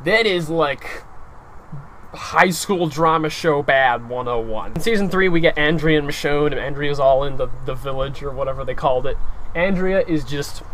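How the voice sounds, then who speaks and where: Animated, opinionated young man reviewing. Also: on the high side, normal speed. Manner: animated, opinionated, lots of filler "like". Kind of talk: casual video review.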